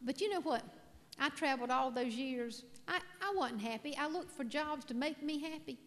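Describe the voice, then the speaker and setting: In a large hall with a live audience, a middle-aged motivational speaker gives a humorous keynote full of folksy, self-mocking stories, putting questions to the crowd. Her voice sits high with a fairly bright tone at a moderate pace, and the sound carries a big-room quality.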